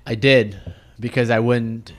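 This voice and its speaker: A man who is a business consultant, telling work stories in a relaxed, casual way with many fillers. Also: medium pitch, unhurried. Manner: relaxed storyteller, many "you know" fillers. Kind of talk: casual interview chat.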